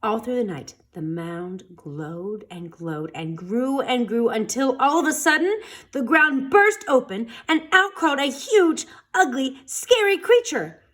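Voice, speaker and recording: Expressive woman reading a storybook. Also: fairly high pitch, measured pace. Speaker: storytime reader. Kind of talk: children's storybook read-aloud.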